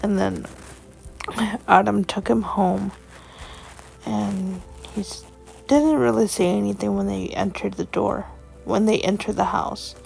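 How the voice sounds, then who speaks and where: A woman's voice: medium pitch, steady tone, creaky, a little mellow, faint music behind, rough recording. A woman telling a storybook tale dramatically, often correcting herself as she goes. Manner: slow, self-correcting, dramatic. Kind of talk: emotional storybook narration.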